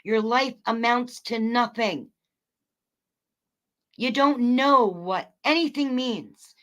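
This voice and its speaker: Woman streamer, angry rant to chat, profane, mocking, loud then quiet. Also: a little high, slow. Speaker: livestreamer.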